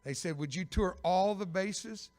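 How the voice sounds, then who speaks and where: An older man preaching a personal testimony sermon as an evangelist, telling his story with bursts of loud emphasis and dry humor. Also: sits high, a little slow. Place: church sanctuary. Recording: long reverb of a big church.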